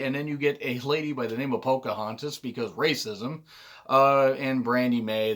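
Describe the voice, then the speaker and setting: A man giving a blunt, sardonic wrestling review in a casual monologue, swearing often and clearing his throat now and then. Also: mid-range voice, a bit bright.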